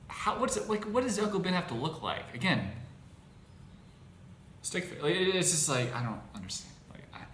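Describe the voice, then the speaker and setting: A man hosting his own show, talking in a casual monologue, halting and restarting his phrases with exasperation. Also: medium pitch, sharp tone. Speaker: podcast host. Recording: echoey room with faint noise.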